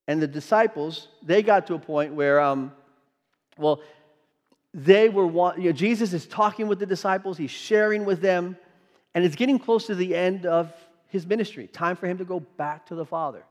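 In a church sanctuary with long hall reverb, a male pastor preaches a sermon in a high voice at normal speed. He's emphatic, quizzing the congregation with rhetorical questions.

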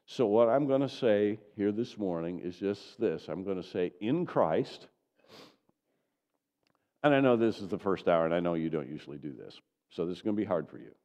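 A man preaching a sermon as pastor, swinging from loud declarations to soft, low asides. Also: animated, normal speed. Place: church sanctuary.

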